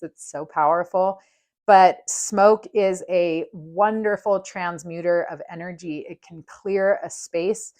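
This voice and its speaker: A woman hosting her own podcast, talking earnestly and unhurriedly as she shows a smoke-cleansing ritual. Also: on the low side. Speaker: podcast host. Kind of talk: casual solo podcast demonstration.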